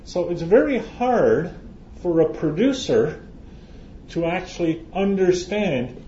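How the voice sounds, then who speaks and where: In a roomy, dull hall recording with slight background noise, a Canadian man jokes his way through a chatty lecture before a live audience, restarting phrases often. His voice sits high with a dark tone, animated yet slow.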